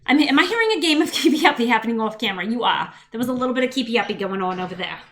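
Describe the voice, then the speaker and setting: A woman's voice: on the high side, expressive, very fast, a bit bright, poor audio. A woman hosting a casual cooking livestream from her home kitchen, chatty and bubbly, reading viewer comments and talking to her toddler. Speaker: cooking stream host and mother.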